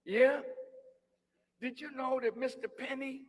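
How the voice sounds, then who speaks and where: A man preaching a sermon, teasing and conversational, dropping to hushed asides and then rising to shouts. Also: very high-pitched, steady tone, measured pace. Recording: long hall reverb.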